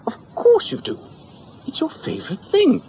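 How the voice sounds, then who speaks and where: A man doing a shrill, scolding fussy mother. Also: wildly swooping pitch, moderate pace, mellow, dull audio, a little hiss or hum, heavily acted. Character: fussy proper middle-aged mother, shrill.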